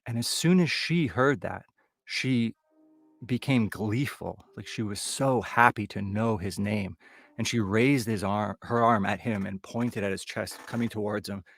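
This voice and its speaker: Low-voiced man spinning a spooky yarn. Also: measured pace, gravelly. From Toronto area, Canada. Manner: conversational, loose, building suspense. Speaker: comedian telling a ghost story. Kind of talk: live comic storytelling.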